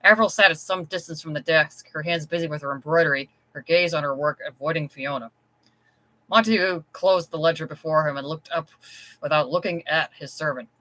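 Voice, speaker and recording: An author reading their own novella aloud in steady, scripted storytelling. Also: mid-range voice, fairly quick, poor audio. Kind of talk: scripted audiobook narration.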